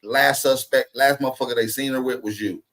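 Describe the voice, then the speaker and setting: Guy on a call-in panel breaking stuff down in street slang, middle pitch, keeps going "you see what i'm saying". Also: steady tone, fairly quick, fairly bright tone. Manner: explains at length in street slang, keeps checking in with listeners. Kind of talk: casual panel talk.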